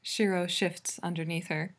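A woman reading a fan fiction story aloud in a calm, even narrating voice. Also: fairly low pitch, moderate pace. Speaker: reader.

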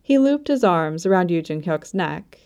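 A woman narrating a story in a soft, even storytelling manner. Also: lowish voice, moderate pace. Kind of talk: scripted narration.

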